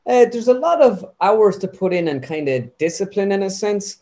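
A man's voice: high-pitched, normal speed. A young man with an Irish Midlands accent, a guest impressionist chatting in an interview. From Ireland. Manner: chatty, rambling, animated. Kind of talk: casual interview chat.

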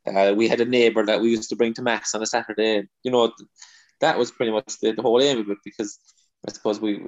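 On a lo-fi recording, a man from Ireland speaks quickly in a lowish, steady voice. He's a comedian with a Kerry accent, loosely chatting as an interview guest and often restarting or trailing into "you know."

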